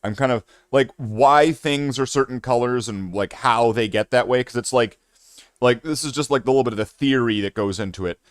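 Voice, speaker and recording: A man's voice: mid-range voice, normal speed, no echo. Rambly jokey canadian guy chatting with his stream, painting minis, dry audio. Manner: rambling, jokey, talks to chat. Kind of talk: casual livestream chat while painting miniatures.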